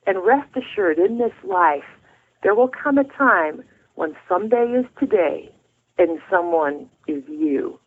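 A woman's voice: on the low side, animated, measured pace, husky. Earnest woman speaking over a phone line. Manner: earnest, heartfelt storytelling. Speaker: guest author. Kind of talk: faith testimony in an interview.

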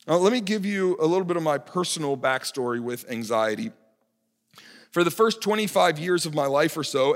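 Man, young adult, pastor, sermon, high voice, conversational, self-deprecating, long hall reverb. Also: fairly bright tone. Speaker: family discipleship pastor.

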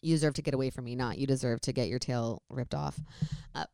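A woman's voice: rumbling low, steady tone, fast talker, creaky, dark tone, clear, resonant tone, no room sound, studio quality. A young woman from the Bay Area, telling a story in chatty, casual talk full of "like". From San Francisco Bay Area, California. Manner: chatty, lots of "like". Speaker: vlogger.

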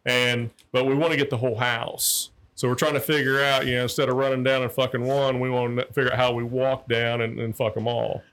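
A man's voice: medium pitch, little pitch movement, brisk, hardly any pauses, fairly bright tone. A man, a former liquor enforcement agent, telling rambling, profane stories in casual chat, repeating words as he restarts sentences. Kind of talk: casual anecdotal storytelling.

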